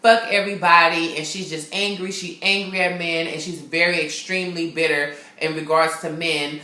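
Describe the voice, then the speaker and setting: A woman's voice: fairly low pitch, steady tone, moderate pace, pushed and bright. A woman vlogger recapping a film in casual, slangy, profane storytelling. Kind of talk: casual chat. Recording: echoey room.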